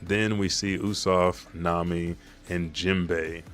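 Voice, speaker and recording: A man with a deep voice recapping a comic chapter in a loose, rambling way. He swears freely and backtracks as he goes. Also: little pitch movement, takes it slowly, fairly bright tone, faint music behind. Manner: casual, profane, rambling. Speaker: manga chapter reviewer.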